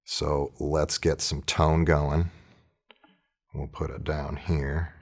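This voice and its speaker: A man's voice: very deep voice, level tone, takes it slowly, husky. A man teaching orchestra planning in a casual, chatty screen-recorded tutorial, thinking aloud as he works.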